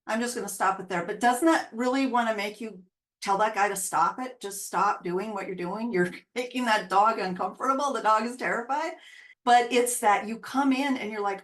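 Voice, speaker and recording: A woman's voice: medium pitch, brisk, a bit bright. A woman dog trainer casually explaining dog body language while talking over video clips. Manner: chatty, explanatory, with quoted dog voices. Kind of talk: casual narrated video breakdown.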